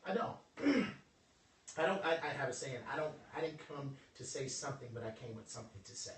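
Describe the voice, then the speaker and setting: A man giving a joking, animated motivational workshop talk to a group. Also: on the high side, a little fast, recorded from a distance. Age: adult over twenty-five. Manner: animated, joking, preacher-like delivery. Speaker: motivational speaker. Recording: echoey room, voice from afar.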